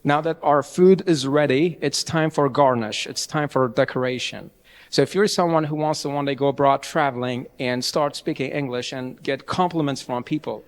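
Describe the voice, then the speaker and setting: A young man giving a lively, chatty IELTS training talk to a live audience, often restarting his sentences. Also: mid-range voice, moderate pace. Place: large event hall. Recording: long hall reverb.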